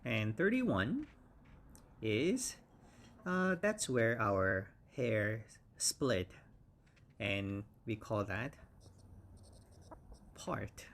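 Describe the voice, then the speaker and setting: A man teaching English vocabulary, saying each word slowly and repeating it several times. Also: lowish voice, lively intonation, a bit bright, slight background noise. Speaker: English instructor. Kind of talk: vocabulary lesson.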